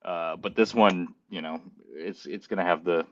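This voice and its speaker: A man's voice: deep voice, steady tone, normal speed, no echo, lo-fi sound. A man guesting on a movie podcast, giving emphatic opinions in casual talk. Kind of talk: casual chat.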